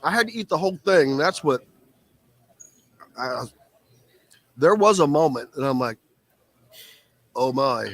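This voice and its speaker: A man with a Midwestern American accent hosting live sports radio, talking with animated, exclaiming energy. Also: a little high, a little slow, pauses often, no echo. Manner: animated, exclaiming through a spicy shrimp challenge. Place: radio broadcast set at a live event.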